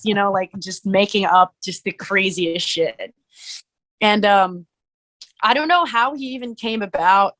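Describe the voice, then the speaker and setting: A woman's voice: mid-range voice, unhurried, fairly bright tone. Chatty young woman podcast guest. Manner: chatty, many "like" fillers, laughs easily. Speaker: guest, musician and streamer. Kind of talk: casual podcast chat.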